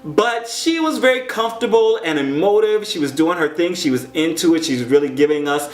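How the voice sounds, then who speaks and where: An American man giving casual commentary on a show, chatty and animated, jumping up in pitch when he quotes people. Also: brisk, roomy sound.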